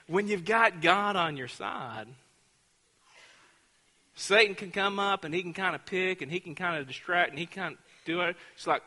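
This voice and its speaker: Bright-voiced preacher man in a reverberant hall. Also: high voice, moderate pace. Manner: storytelling, acts out voices, builds to fervent preaching. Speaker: pastor. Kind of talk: sermon with personal story.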